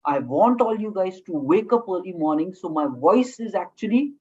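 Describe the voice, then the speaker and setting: A woman's voice: on the low side, lively intonation, normal speed, warm tone, slightly rough, muffled recording. A woman with an Indian English accent teaching communication skills. She speaks in short phrases, often checks in with "okay?", and slips Hindi words into her English. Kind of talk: classroom lecture.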